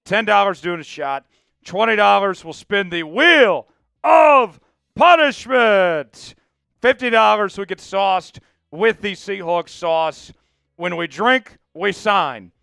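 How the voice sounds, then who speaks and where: A man's voice: high-pitched, a little slow, gravelly, bright, forceful tone, clear, resonant tone, dry recording, studio quality. A man hosting a live sports stream, hyped and pleading with viewers, with bursts of mock outrage. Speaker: livestream sports show host. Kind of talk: casual live-stream chat.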